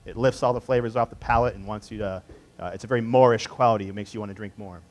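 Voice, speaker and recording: A man's voice: on the low side, fairly even intonation, fast talker. Easygoing man telling stories at a tasting. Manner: conversational, rambling with fillers and restarts. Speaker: beer importer representative presenting a tasting. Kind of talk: casual tasting class talk with personal story. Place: indoor tasting class.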